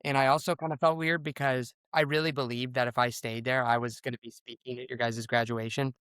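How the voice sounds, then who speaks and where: A man's voice: a little fast, clear, resonant tone, no room sound, studio quality. A man in his thirties, a former teacher, telling stories in a casual chat and acting out what others said. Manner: animated storyteller, acts out quotes with raised pitch.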